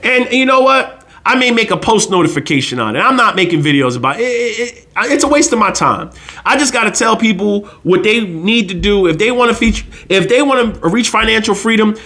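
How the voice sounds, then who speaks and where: A man's voice: high voice, sharp tone. A man hosting his own finance channel, giving a blunt, slangy, preachy casual monologue.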